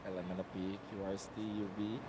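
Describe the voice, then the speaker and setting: A man's voice: lowish voice, little pitch movement, quick pace, heavy background noise. A man stopped on a city street, answering quiz questions in a rambling, hesitant way. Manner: rambling, hesitant, filler-heavy. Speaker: passer-by interviewee.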